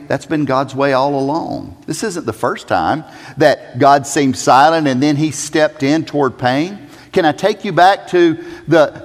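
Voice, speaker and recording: A man preaching a sermon as pastor, swinging dramatically between loud urgent passages and hushed low ones. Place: church sanctuary. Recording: long hall reverb.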